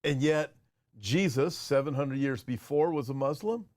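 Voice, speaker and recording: A man, a pastor hosting a show, giving animated, incredulous commentary on video clips. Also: medium pitch, normal speed.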